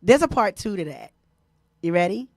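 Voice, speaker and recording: Woman, host, animated casual chat, wide-ranging pitch. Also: normal speed, dry recording, clean studio sound. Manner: animated, laughs often, talks to viewers by name. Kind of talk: casual live-stream chat.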